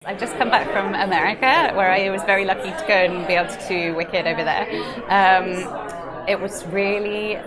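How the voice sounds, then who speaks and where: A woman's voice: medium pitch, moderate pace, music in the background, crowd noise. A young British woman, a musical theatre actress, chatting in an interview in a bubbly way and laughing often. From England. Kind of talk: casual interview chat.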